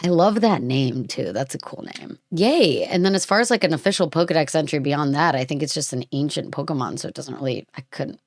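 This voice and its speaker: A woman's voice: deep voice, expressive, a little fast, hardly any pauses, no echo, clean studio sound. A woman hosting a podcast, chatting casually in a rambling, playful way with lots of fillers. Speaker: podcast host.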